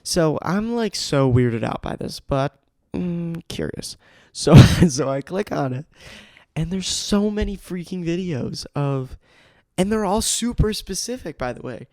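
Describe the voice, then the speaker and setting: A man's voice: fairly high pitch, animated, a little slow, a little mellow, no echo, studio quality. A young man hosting a casual solo podcast, rambling through tangents and poking fun at himself. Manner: rambling and self-mocking, with tangents. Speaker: podcast host. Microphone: studio microphone.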